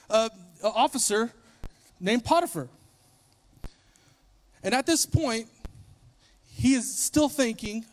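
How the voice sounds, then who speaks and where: A man preaching a sermon, retelling a story in a casual, conversational way and briefly acting out the characters. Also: very high-pitched.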